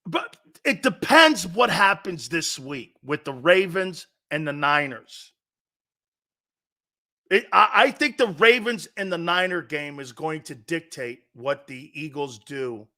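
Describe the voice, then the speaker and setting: A middle-aged male sports talk host with a bright, forceful voice that sits a little high for a man. He rants fired-up and profane, hammering points by repetition, jumping from loud outbursts to low, intense asides. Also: sing-song, slow pace. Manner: fired-up, preachy, repeats for emphasis. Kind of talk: opinionated sports talk rant.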